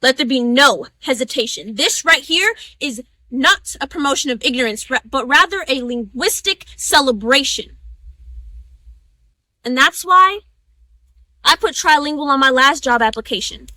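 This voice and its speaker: A woman's voice: sits high, lively intonation, moderate pace, bright, forceful tone, no echo. A young woman performing a spoken-word oratory speech, reciting with rhythmic, emphatic stresses. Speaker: student orator.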